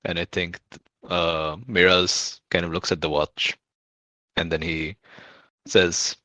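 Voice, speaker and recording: Deep-voiced guy in a tabletop game, soft and earnest, dry close sound. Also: flat delivery, slow pace, no room sound. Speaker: player. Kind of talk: voicing a tabletop character.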